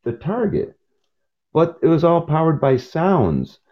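A man's voice: fairly high pitch, wildly swooping pitch, slow pace. A man hosting a podcast from his truck cab while driving, telling rambling stories and acting out the voices of people in them. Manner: jumps between topics and acts out quoted voices. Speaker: podcast host. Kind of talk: rambling casual storytelling. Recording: dull lo-fi sound.

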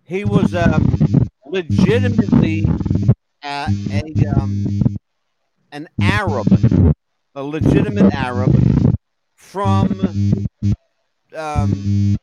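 A man's voice: on the high side, sing-song, slow, pauses often. A man hosting a casual talk show, speaking emphatically and repeating points for stress. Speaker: podcast host. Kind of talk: casual chat. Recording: dull lo-fi with loud music behind.

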